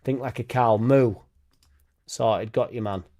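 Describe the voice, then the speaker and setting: A man's voice: lowish voice, steady tone, moderate pace, a little mellow. A young man hosting a football fan live stream, talking in a blunt, sweary, rambling way. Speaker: football fan channel host. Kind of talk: casual live-stream chat.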